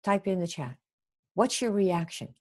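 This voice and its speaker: A woman's voice: medium pitch, measured pace, darkish tone. A woman teaching a live webinar as a sales coach, chatty and coaching, reacting to viewers' comments as she goes. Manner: chatty, coaching, reacts to chat, acts out sample phone lines.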